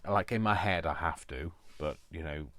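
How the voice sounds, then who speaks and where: A man's voice: low-pitched, normal speed, fairly bright tone, no echo. A man hosting a live crafting demonstration from home, chatting in a rambling, self-deprecating way with many fillers. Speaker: craft video host.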